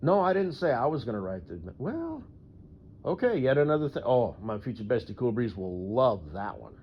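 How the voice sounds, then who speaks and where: A man rambling through a solo audio monologue, full of fillers and frequent throat clearing. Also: medium pitch, very animated, a little fast, a little hiss or hum. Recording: dull lo-fi recording.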